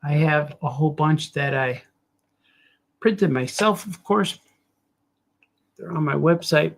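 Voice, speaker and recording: Gravelly middle-aged man rambling while drawing. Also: on the high side, slow. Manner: joking, self-mocking asides. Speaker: cartoonist streamer.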